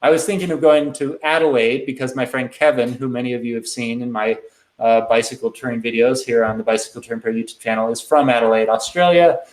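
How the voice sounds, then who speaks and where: A man hosting a live question-and-answer stream, talking in a relaxed, rambling way with lots of ums. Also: medium pitch, quick pace, roomy sound, poor audio. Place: indoors at a computer.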